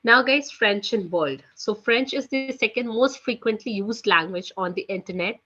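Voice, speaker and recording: A woman's voice: fairly high pitch, moderate pace, fairly bright tone, highs cut off. A woman teaching French in a live online class, chatty, leaning on "you know" and "guys". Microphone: video call.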